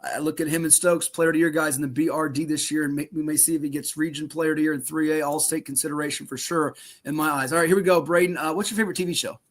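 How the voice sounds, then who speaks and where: A man hosting a sports podcast, asking quick questions in an upbeat, easygoing manner. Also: on the high side, fairly even intonation. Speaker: podcast host.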